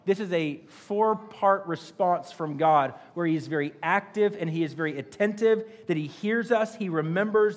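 Earnest pastor in a reverberant hall. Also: male voice, on the high side. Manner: earnest, repeats and restarts phrases. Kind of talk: sermon. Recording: long church-hall reverb.

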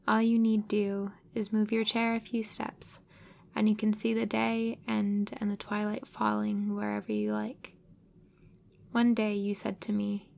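A woman narrating a classic children's story in the first person, measured and gentle. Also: medium pitch, little pitch movement, gravelly. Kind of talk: storybook reading.

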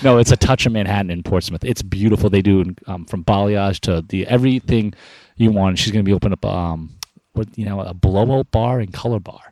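Fast-talking energetic male storyteller. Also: fairly low pitch, no room sound. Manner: energetic, animated storyteller acting out quoted dialogue. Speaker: podcast guest, founder of an inspiration business. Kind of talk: casual storytelling interview.

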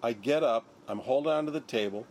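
A man's voice: mid-range voice, a little fast, a little mellow, slight background noise. An older man, a surgeon, recounting his story in an interview, acting out the lines of others. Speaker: interviewee, neurosurgeon.

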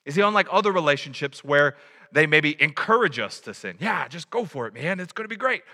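Animated male preacher in a reverberant hall. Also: on the high side, brisk. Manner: animated, acts out little scenes. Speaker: pastor. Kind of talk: sermon.

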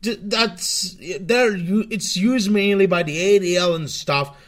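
A man streaming and reacting to clips, swearing and mocking, swinging from mutters to loud outbursts. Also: high-pitched, a little slow, hardly any pauses. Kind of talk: casual profane commentary. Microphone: webcam setup microphone.

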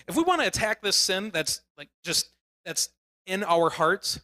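A man preaching a casual sermon, retelling the story in an animated way with emphatic bursts. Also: high-pitched, moderate pace, dry recording.

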